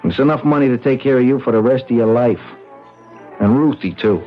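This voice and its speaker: A man's voice: medium pitch, soft background music, lightly acted. An actor in his twenties playing an eager, hesitant young man in a radio drama, stammering and earnest. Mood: pleading. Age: 20s. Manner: stammering, earnest, halting restarts. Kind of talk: 1970s radio drama acting. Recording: dull lo-fi old radio recording.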